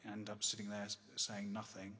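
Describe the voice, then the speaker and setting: A man's voice: fairly low pitch, completely flat delivery, brisk, bright, forceful tone, in a large hall. An English man in his fifties telling a personal story with dry, self-mocking humor. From England. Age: 50s. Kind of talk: personal story told to an audience.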